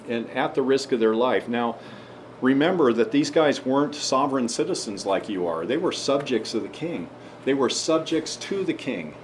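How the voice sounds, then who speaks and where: A man's voice: medium pitch, slight background noise. Man giving an emphatic storytelling talk. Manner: conversational storytelling, emphatic rhetorical questions. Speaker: speaker addressing an audience. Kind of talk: history talk and advocacy speech.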